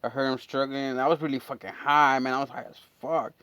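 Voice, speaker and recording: A man's voice: medium pitch, fairly even intonation, brisk, bright, forceful tone, smooth, no echo. A man telling a long, rambling, profane story from his neighborhood in a casual chat, full of fillers. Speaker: storyteller and channel host.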